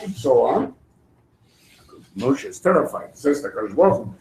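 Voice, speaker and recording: A man teaching a Torah class in an animated way, acting out voices and laughing often. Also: on the high side, moderate pace, creaky, long pauses, a little hiss or hum. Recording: echoey room.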